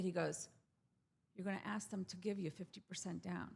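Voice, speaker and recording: A woman with a gravelly, creaky voice, telling the story of her business in a relaxed interview. She talks animatedly and slips into quoted voices of the people she met. She sounds like she is in her forties. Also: on the low side, brisk. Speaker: jewelry brand founder, guest.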